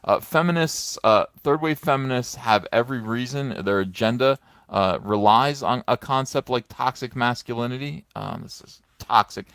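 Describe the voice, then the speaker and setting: Recorded on a phone on a stand with clean studio sound and no room sound, a middle-aged comics commentator talks at normal speed in a medium-pitched, slightly bright, clean voice. His casual vlog rambles with many fillers, sarcastic and mocking throughout.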